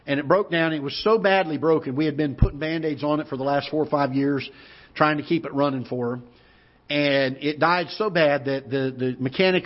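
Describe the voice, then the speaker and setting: A man in his fifties with a Midwestern American accent, preaching a sermon and telling a personal story in an earnest way, with pauses and restarts. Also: on the high side. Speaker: pastor. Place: church auditorium. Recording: muffled church broadcast audio.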